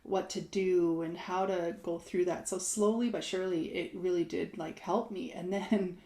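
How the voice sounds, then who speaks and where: A woman's voice: on the low side, fairly even intonation, normal speed, warm tone, roomy sound. A married woman co-hosting a podcast, telling a personal story in a chatty way, with lots of fillers, restarts and laughs. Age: adult, married. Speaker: podcast co-host.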